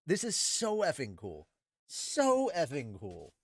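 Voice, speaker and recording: A man's voice: on the high side, slow pace, husky, no echo. A man reading a light novel aloud on stream and breaking off for casual, profane commentary. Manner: animated, profane, laughing asides.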